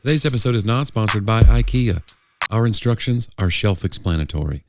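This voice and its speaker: A man co-hosting a podcast in casual chat, a little hoarse with a morning voice after covid, telling stories playfully. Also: lowish voice, animated, fairly quick, loud music behind the voice. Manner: playful, jokey storytelling. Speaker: podcast co-host.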